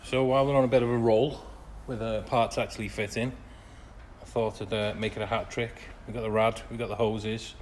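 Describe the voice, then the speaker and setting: A lowish-voiced man talks through a car restoration in his workshop. His delivery is dry and sarcastic, with deadpan grumbles set between plain, practical explanation. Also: brisk, a little hiss or hum. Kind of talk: workshop vlog narration.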